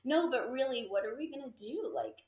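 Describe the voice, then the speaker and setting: A woman's voice: sits high, fairly quick. A woman in her thirties, a podcast guest, telling a story in a chatty way, full of "like" and acted-out quotes. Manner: chatty, peppered with "like" and lively quoted asides. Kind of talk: casual storytelling in an interview. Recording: echoey room.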